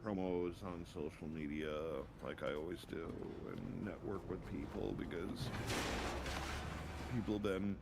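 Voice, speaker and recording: A man's voice: deep voice, steady tone, unhurried, gravelly, heavy background noise. A man talking casually on a stream as a guest, rambling and laughing a lot as he explains things.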